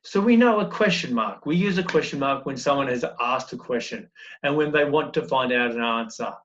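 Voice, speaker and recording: A man's voice: mid-range voice, fairly quick, a bit bright, muffled recording, a little hiss or hum. A man teaching a recorded primary school lesson, explaining step by step and asking encouraging questions.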